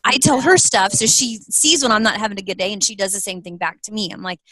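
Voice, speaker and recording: A woman's voice: mid-range voice, animated, fast talker, a bit bright, no echo, poor audio. A woman in her thirties talks earnestly about her business in an interview. She tells stories animatedly and slips into quoted voices. The sound is close and dry. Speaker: guest, apparel business owner. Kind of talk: interview conversation.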